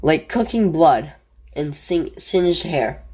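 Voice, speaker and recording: Low, husky woman telling a scary story. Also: expressive, a little mellow. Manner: slow, low-key telling with frequent self-corrections. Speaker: horror story narrator. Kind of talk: first-person horror story narration.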